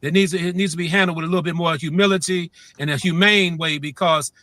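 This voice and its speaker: A man's voice: fairly high pitch, steady tone, quick pace, bright, forceful tone, dry recording. A man speaking as a talk show guest, making his point with many "uh" fillers and emphatic repeats. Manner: frequent "uh" fillers, emphatic repetition. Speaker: guest commentator. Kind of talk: remote talk show discussion.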